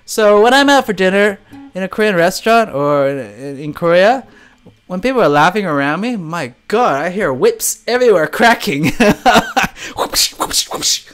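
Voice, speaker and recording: A man's voice: sits high, normal speed, soft background music. A man hosting a casual livestream, reading comments and joking, laughing often as he talks. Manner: animated, laughs often, jokey. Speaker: livestream host and swim teacher.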